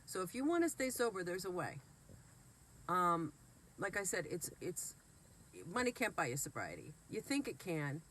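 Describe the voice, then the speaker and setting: A woman's voice: fairly low pitch, very animated, moderate pace, fairly bright tone, slight background noise. Emotional woman talking, sick. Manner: emotional, earnest, blunt. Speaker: vlogger. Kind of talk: heartfelt direct-to-camera talk.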